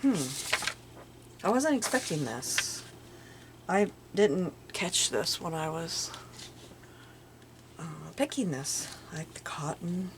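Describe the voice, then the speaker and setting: An older woman chatting casually at home as she shows off her craft finds, musing aloud and sometimes dropping into soft murmurs. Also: fairly low pitch, very animated, takes it slowly, long pauses. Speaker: crafting vlogger. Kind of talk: casual show-and-tell chat. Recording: audible background noise.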